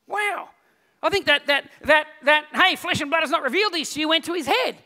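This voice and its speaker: A middle-aged man, preaching a lively sermon to a congregation and acting out Bible figures. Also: very high-pitched. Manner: animated, acts out Bible figures in quick voices. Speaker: pastor.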